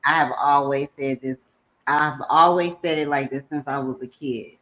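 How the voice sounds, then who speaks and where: A woman's voice: rumbling low, steady tone, moderate pace, fairly bright tone. A woman co-hosting a casual live chat, laughing often at herself. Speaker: livestream co-host.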